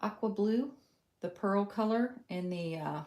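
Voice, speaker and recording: A middle-aged woman from Western North Carolina with a Southern accent, teaching a casual live painting tutorial, thinking aloud with many ums and soft laughs. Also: mid-range voice, a little slow. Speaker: art instructor. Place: home art studio. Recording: roomy studio with guitar music behind.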